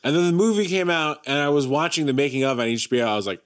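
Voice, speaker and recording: Guy chatting on a podcast, swears a bunch, excited telling old stories. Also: a little high, rapid-fire, clear, resonant tone. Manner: swears freely, recounts memories with excitement. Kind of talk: casual chat.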